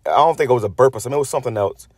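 A man's voice: medium pitch, rapid-fire, darkish tone, dry recording. Profane preaching man, dry sound. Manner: profane, blunt, repeats words while restarting; reads scripture aloud then comments on it. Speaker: religious channel host. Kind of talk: preaching rant.

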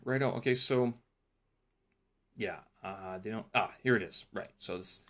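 Low-voiced man rambling through his notes. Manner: rambling, thinking aloud with fillers and self-corrections. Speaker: vlogger reviewing a teacher training course. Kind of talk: casual talk-through vlog.

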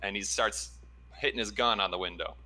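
Man, ER nurse on a call, rambling story with ums, deep-ish, bright timbre. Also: a little fast. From Chicago area. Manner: relaxed storytelling with fillers and laughs. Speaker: ER trauma nurse, caller. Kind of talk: casual chat.

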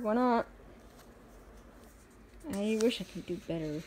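A woman's voice: mid-range voice, slow, noisy background. A young woman showing her own drawings in a casual, rambling chat, giggling often and making fun of herself. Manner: giggly, rambling, self-deprecating.

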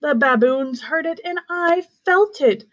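A woman voicing a big, calm rhino in a storybook with a bright sing-song voice. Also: high voice, a little slow, voice pushed up. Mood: excited.

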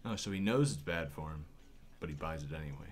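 A man's voice: a bass voice, expressive, quick pace. Wry swearing streamer guy. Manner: wry, swears, laughs easily. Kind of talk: casual game-stream banter.

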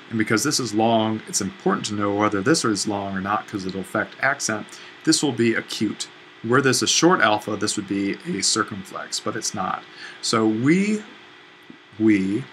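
Man, teacher, screencast lesson, thinking aloud, self-correcting, lowish bright voice. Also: a little hiss or hum, rough recording. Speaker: Greek teacher. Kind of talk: screencast lesson walking through an exercise.

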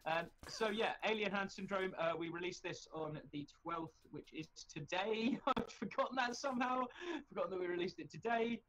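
A young man with a voice a touch higher than most, talking loosely and cracking jokes as he co-hosts a music podcast. He swears freely and laughs through his words, heard over a video call. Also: moderate pace, hardly any pauses, a bit bright. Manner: joking, swearing, laughing often. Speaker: co-host, music producer.

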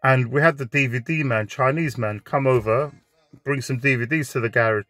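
A man's voice: medium pitch, moderate pace, fairly bright tone, dry recording. A man telling a crude comic story in a chatty, joking way.

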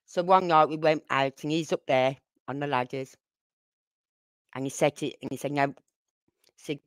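Woman host, casual anecdote voice, clear tone, dry close recording. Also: sits low, normal speed, pauses often, fairly bright tone, no echo. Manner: chatty, quotes her own past dialogue. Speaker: livestream host. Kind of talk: casual storytelling.

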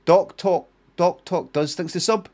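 A man's voice: high voice, unhurried, darkish tone. A middle-aged Scottish man streaming live, reacting to a trailer with sarcastic, sweary ranting.

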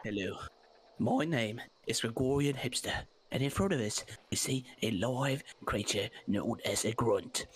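A man's voice: medium pitch, expressive, measured pace, a little hiss or hum, pitched below the performer's own voice, close to an everyday voice. A man putting on a goofy male wildlife documentary host with a mock Australian accent, playful and chummy. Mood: mock solemn. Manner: playful, put-on narrator's delivery. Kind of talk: mock nature documentary narration.

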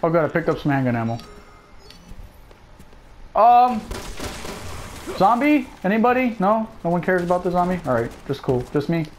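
A man's voice: high voice, very animated, normal speed, pauses often, slight background noise, low-quality recording. A man giving casual let's play commentary, cracking sarcastic jokes as he plays. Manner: joking, sarcastic running commentary. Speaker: gameplay commentator.

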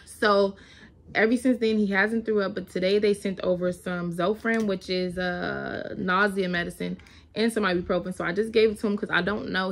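A woman's voice: medium pitch, creaky, a bit bright. A young woman, chatting casually in a home video diary and talking to her toddler now and then. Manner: chatty, talks to her toddler between updates. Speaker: family vlogger.

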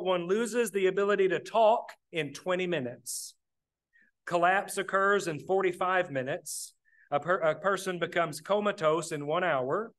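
A man's voice: high-pitched, fairly bright tone. A man preaching a sermon, plainspoken, often calling his listeners "brethren". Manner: plainspoken, addresses the congregation as brethren.

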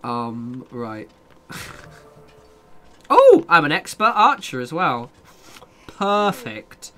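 A man's voice: medium pitch, a bit bright, a little hiss or hum. A young man casually commenting on a survival game as he plays, swearing and talking back to his chat. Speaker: streamer.

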